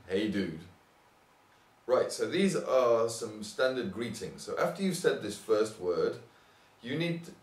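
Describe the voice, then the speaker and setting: Lively English teacher, roomy distant sound. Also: male voice. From England. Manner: lively, acts out example phrases with big pitch jumps. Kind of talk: informal online English lesson.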